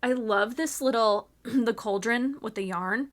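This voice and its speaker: A young woman hosting a crafting podcast, gushing and gasping excitedly as she unboxes handmade gifts. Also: fairly high pitch. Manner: gushing, gasping, swears mildly, fast bursts of excitement. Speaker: podcast host.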